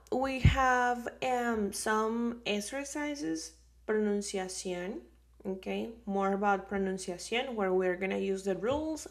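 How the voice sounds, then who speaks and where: Colombian woman, language teacher, slow careful delivery, mid pitch. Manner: patient, repeats words slowly and clearly. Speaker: Spanish teacher. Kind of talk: slow explanatory lesson.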